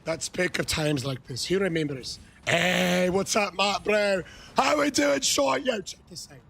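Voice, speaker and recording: A man livestreaming, chatting with viewers and loudly shouting cheers and countdowns. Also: high-pitched, measured pace, gravelly, slightly rough. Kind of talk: hyped livestream chat with viewers.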